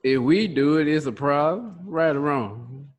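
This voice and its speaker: A man's voice: on the high side, animated, a little slow. Blunt, profane man co-hosting a podcast. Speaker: podcast co-host. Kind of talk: casual podcast chat.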